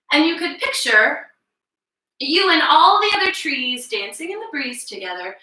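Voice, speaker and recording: A woman with a high, very bright voice leads small children through circle time over a webcam. She speaks softly and playfully, slowing down for affirmations she wants them to repeat. The room sounds echoey. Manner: soft, encouraging and playful, with slow spoken affirmations. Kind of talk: gentle lesson for young children.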